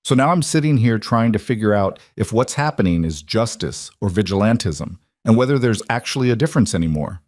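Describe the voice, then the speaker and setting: A man narrating an audiobook voices a weary female detective who questions in a measured, level way. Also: fairly low pitch, lively intonation, darkish tone, dry recording, studio quality, lightly acted. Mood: pressing.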